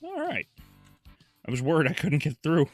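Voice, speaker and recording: Lively, chatty male streamer. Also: a little high, moderate pace, faint music behind. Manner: chatty, swears freely, laughs often, talks to chat. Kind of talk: casual gameplay commentary.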